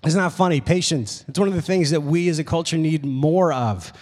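A young man preaching a casual, animated sermon, telling stories with lots of "like"s. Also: on the high side, a little fast. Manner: casual, animated storytelling with many "like"s. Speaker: pastor. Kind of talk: youth sermon. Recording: long reverb of a hall.

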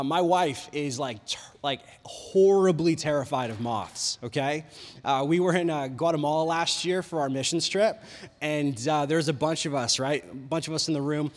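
A man, a youth pastor, giving a casual sermon. He rambles and fills his talk with "like". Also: a little high. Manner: animated, rambling, heavy use of "like". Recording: long reverb of a large hall.

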